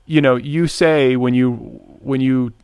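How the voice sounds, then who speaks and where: A man's voice: mid-range voice, fairly even intonation, unhurried, darkish tone, clean tone, no echo. A man hosting a podcast, asking long, winding questions full of fillers and restarts. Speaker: podcast host. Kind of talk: conversational interview questions.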